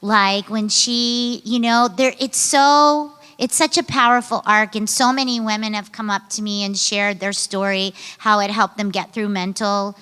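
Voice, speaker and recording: A woman's voice: medium pitch, steady tone, unhurried, few pauses, sharp tone, clear, resonant tone. A woman, a voice actor on a convention panel, answering a fan's question in an effusive, emotional way. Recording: convention hall with long reverb.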